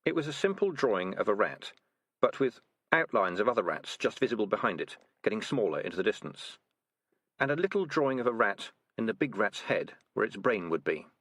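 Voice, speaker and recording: A man narrating a fantasy storybook with expressive, lively intonation. His voice sits low, and the recording is close and dry with no room sound. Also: a little fast, husky, dry recording. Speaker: audiobook narrator. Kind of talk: scripted narration.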